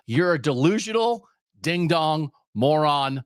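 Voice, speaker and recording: Male podcast host, sarcastic ranter, animated and a bit high, close dry sound. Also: unhurried, no room sound. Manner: sarcastic, emphatic, ranting. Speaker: sports talk podcast host. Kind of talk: solo sports rant.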